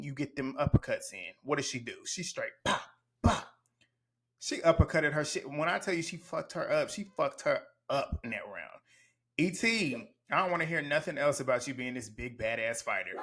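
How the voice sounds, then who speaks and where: A man's voice: a little high, bright, forceful tone. A man giving blunt, profane play-by-play commentary as he recaps a reality TV show. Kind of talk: casual reaction commentary.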